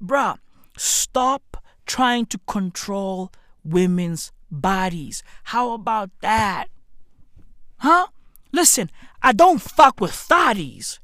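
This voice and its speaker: Animated ranting woman. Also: medium pitch, drawn-out words, no echo, studio quality. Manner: animated, rhetorical, heavy slang. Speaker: commentator. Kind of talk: profane rant monologue.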